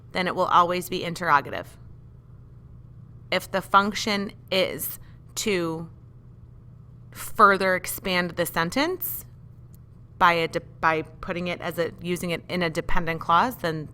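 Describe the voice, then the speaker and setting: A woman's voice: medium pitch, bright, forceful tone. A woman teaching a grammar lesson, patiently explaining step by step and asking the class questions. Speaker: English teacher.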